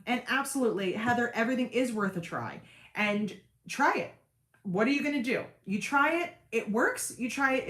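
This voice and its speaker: A woman's voice: mid-range voice, fairly bright tone, reverberant. A woman hosting a craft channel, chatting casually with viewers and retelling conversations in a talkative storytelling way. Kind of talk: casual livestream chat.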